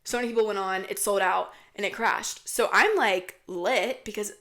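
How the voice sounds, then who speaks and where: A young woman hosting a podcast, spinning a casual storytime with no filter. She rambles from one thing to the next, swears freely and fills every gap with "like". Her voice sits at a middle pitch. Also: moderate pace, few pauses, bright, forceful tone. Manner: rambling, heavy swearing, lots of "like". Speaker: podcast host.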